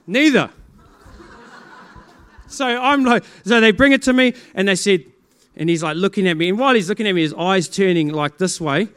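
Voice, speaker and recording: A middle-aged male pastor with a New Zealand accent tells his congregation a story. He acts out both sides of each conversation and now and then breaks into loud exclamations. His voice sits high and rings smooth and clear. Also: normal speed, pauses often. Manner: animated storytelling, acting out dialogue, bursts of loud exclamation. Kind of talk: preaching testimony to a congregation.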